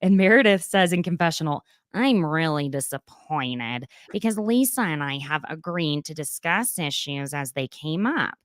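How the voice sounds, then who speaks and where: Chatty Southern woman, low voice. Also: lively intonation, normal speed, hardly any pauses, dry recording. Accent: Southern American. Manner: chatty, laughs often, reads quotes aloud. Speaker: podcast host. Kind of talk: casual gossip recap.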